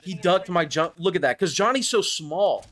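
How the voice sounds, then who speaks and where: A man's voice: sits high, expressive, normal speed, a bit bright. A young man casually commenting over his own tournament footage, rambling and self-critical, swearing and laughing at his mistakes. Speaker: gaming YouTuber reviewing his own tournament match.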